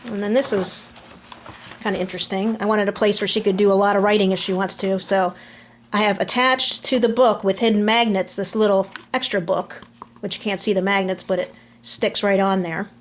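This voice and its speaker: A middle-aged woman chatting casually through a scrapbook album, relaxed, trailing off between items, recorded on a camera mic at home. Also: medium pitch, fairly quick, slight background noise. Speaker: crafter showing a scrapbook album. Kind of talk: casual show-and-tell narration.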